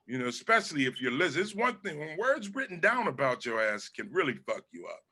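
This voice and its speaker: Chatting casually as an interview guest, the Southern Californian comedian tells energetic stories and swears liberally. His pitch is fairly high, his delivery quick, and his voice has a husky edge.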